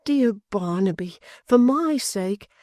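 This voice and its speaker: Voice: medium pitch, expressive, takes it slowly, a little mellow, no echo, studio quality, voice pushed up. Narrator doing an anxious, pleading mother. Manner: earnest, pleading.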